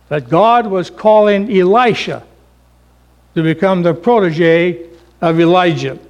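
Slow-preaching high-voiced man pastor. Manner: dramatic swings between loud emphasis and hushed near-whisper. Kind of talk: sermon.

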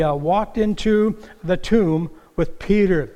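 A man's voice: high-pitched, slow, hardly any pauses, mellow, big-room sound. A man preaching an Easter sermon from a church stage, telling stories animatedly and acting out the voices in the quotes he tells. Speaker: pastor. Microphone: stage microphone with monitor.

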